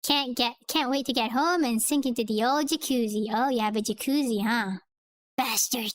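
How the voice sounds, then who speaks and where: A woman's voice: a little high, moderate pace, no room sound. A woman reading a comic aloud in a casual, playful way, chatting between lines with a tiring voice. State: voice getting tired. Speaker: comic reader. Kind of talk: casual comic read-along with character voices.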